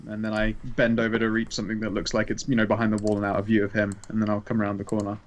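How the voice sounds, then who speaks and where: Animated, swearing male player. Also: lowish voice, racing, hardly any pauses. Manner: animated, swears and laughs often. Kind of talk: casual tabletop game chat.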